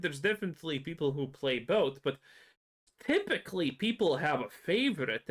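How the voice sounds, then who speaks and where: A man reacting to a video on stream, mocking and profane, his voice jumping up when excited. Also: on the high side. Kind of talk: casual reaction commentary.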